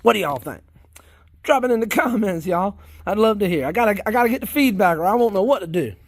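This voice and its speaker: Folksy Southern man, high-pitched. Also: animated, fast, no echo. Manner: folksy, rambling, talks while digging in worm bins. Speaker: worm farmer vlogger. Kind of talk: casual chat. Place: outdoors by worm bins.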